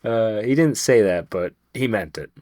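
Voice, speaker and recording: A man's voice: lowish voice, lively intonation, a little slow, darkish tone, dry recording, studio quality. A man reviewing a wrestling show in a casual vlog, rambling, swearing freely and restarting his sentences often. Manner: rambling, profane, frequent restarts.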